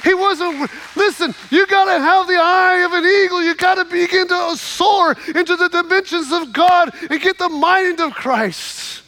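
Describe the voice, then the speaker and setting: A man's voice: very high voice, a little slow, few pauses, bright, forceful tone. A man preaching a sermon, retelling stories dramatically and exhorting his listeners.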